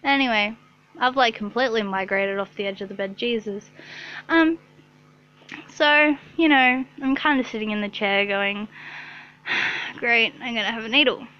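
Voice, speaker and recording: A young woman sits in her bedroom telling a rambling story to her own camera, swearing often and saying "like" constantly. Her voice is a little high and clean in tone, and she takes her time, with long pauses. The vlogger's recording has its highs cut off.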